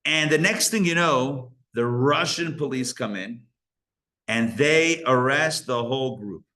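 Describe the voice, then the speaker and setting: Bright-voiced rabbi telling a story. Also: male voice, mid-range voice, a little slow. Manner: animated, conversational storytelling with frequent restarts; sprinkles Yiddish and Hebrew religious terms. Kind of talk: live Torah class storytelling. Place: live class at a Torah center.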